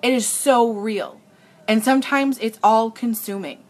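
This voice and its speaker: A woman's voice: fairly high pitch, unhurried, a little mellow. A young adult woman chatting emotionally to viewers on a live stream, earnest, often restarting her sentences. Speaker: makeup seller on a live stream. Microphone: tablet.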